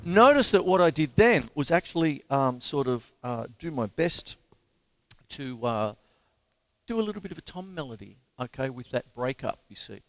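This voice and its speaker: A man's voice: mid-range voice, big pitch swings, moderate pace, dry recording. An Australian man teaching drums in a live-streamed lesson, chatty and jokey, counting rhythms and stickings aloud. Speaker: drum teacher. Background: drum kit playing.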